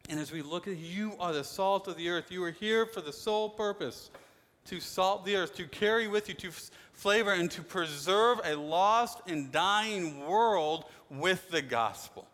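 A man preaching a sermon as pastor, emphatic, swinging between loud declarations and quiet asides. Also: high voice, measured pace. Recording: long hall reverb.

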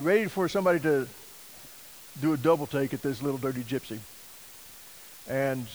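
A man preaching a sermon, telling a story in a folksy, animated way and acting out quoted voices. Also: fairly high pitch, slight background noise, rough recording. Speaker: missionary preacher.

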